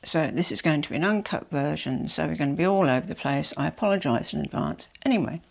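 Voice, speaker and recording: A woman talks to her viewers from home in a casual, rambling way, apologising often. Her voice is nasal from a cold and a little out of breath, with a gravelly fry running through it. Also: sits low, fast talker. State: has a cold, a bit out of breath. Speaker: vlogger. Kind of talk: casual unboxing chat. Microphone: small microphone.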